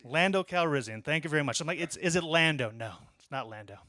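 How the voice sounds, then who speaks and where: Bright-voiced man doing stand-up. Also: fairly high pitch, quick pace, dry recording. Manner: conversational storytelling, deadpan asides. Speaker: stand-up comedian. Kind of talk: stand-up set. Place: small comedy club.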